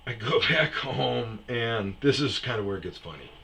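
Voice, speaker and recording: A man's voice: medium pitch, animated, moderate pace, creaky, sharp tone, poor audio. Tired man telling a rambling story. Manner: rambling and chuckling, acts out his friends' lines. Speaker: storyteller host. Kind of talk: casual storytelling monologue.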